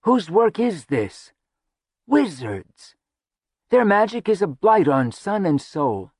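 A man plays a sardonic woman who broods over old lore in a storybook reading. The voice sits well above his own, slow and drawn out. It is recorded close and dry. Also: high-pitched, very animated, a little mellow, slightly rough, dry recording, voice pushed up, heavily acted. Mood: brooding. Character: dark-spoken sardonic woman, lore-teller.

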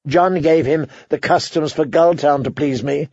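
A male narrator voices a sharp, suspicious noblewoman who is bitter and self-pitying, wheedling one moment and prying the next. His delivery is unhurried, husky, a little high and clipped, recorded dry and slightly dull with no echo, like a close-miked audiobook.

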